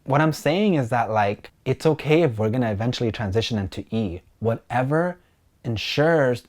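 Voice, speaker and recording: A young man explaining things in a casual vlog with a chatty, slangy manner and "like" dropped into nearly every sentence. His voice sits at a middling pitch for a man. He talks to the camera in an informal, conversational way. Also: expressive, normal speed, a little mellow. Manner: chatty, fills speech with "like". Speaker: video creator.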